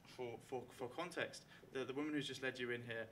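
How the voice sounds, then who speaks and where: A man's voice: mid-range voice, steady tone, a little fast, a bit bright, slight background noise. A man narrating a tabletop game as game master before a live audience, chatty and full of fillers. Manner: hesitant, many fillers, chatty.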